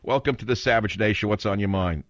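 A man's voice: fairly low pitch, quick pace, fairly bright tone, no room sound, lo-fi sound. An older man hosting a talk radio show, telling rambling stories in an exasperated tone.

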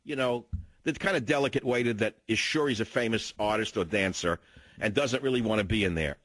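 A man's voice: fairly low pitch, fairly quick, fairly bright tone, no room sound. An older man hosting a talk radio show, telling indignant stories in a ranting, opinionated monologue into a studio mic.

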